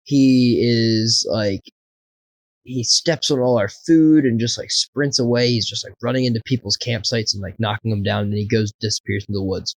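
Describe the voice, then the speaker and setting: A man in the middle of a casual story, peppering it with curses and chuckles. His voice sits at an ordinary middle pitch. The sound is dry and close, with no room around it. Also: normal speed, dry recording, poor audio. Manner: profane, laughing, animated anecdote. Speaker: podcast co-host.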